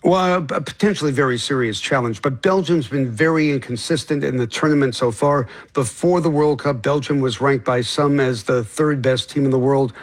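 Measured male sports reporter. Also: medium pitch. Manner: measured, explanatory, occasional fillers. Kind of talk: news interview.

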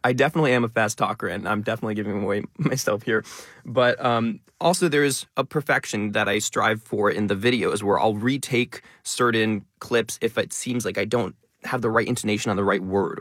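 A young man explaining things quickly in casual conversation, stressing many words as he talks. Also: lowish voice, fairly bright tone, no room sound, studio quality. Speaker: guest, educational video creator.

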